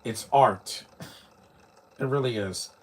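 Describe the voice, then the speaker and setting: A man's voice: medium pitch, takes it slowly. A man from New York, giving rambling, opinionated live commentary while watching a movie, often restarting his sentences. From New York, United States.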